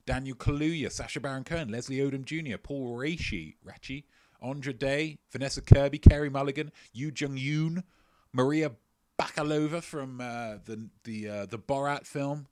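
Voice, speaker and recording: A man's voice: mid-range voice, a little mellow, dry recording. Dry, rambling, joking male quiz host. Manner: playful, rambling, self-mocking jokes; stumbles and repeats phrases. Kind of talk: live-streamed quiz banter.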